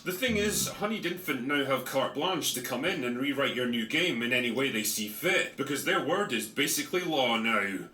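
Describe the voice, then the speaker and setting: Sarcastic guy ranting a scripted critique, bright edgy tone, roomy echo. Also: mid-range voice. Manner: sardonic, profane, mocking. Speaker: video essayist.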